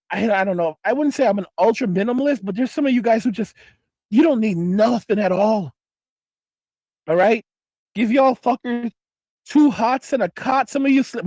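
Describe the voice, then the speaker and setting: A man's voice: very high voice, darkish tone, no echo, lo-fi sound. A man hosting a late-night livestream, ranting with mock outrage, heavy swearing and emphatic repetition. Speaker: livestream host. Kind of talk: profane late-night rant.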